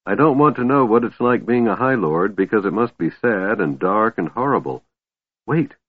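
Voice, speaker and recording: A man doing a shrill, babbling kender. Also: breathy edge, no echo. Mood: sad. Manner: babbling, quick to excitement. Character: excitable young male kender, shrill, chattering. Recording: tinny phone-like sound, dry.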